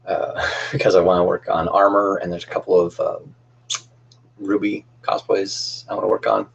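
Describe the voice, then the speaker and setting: A man's voice: sits low, level tone, moderate pace, gravelly, slightly rough, muffled recording. A young man hosting a casual cosplay livestream, chatting in a rambling, friendly way with lots of fillers and restarts.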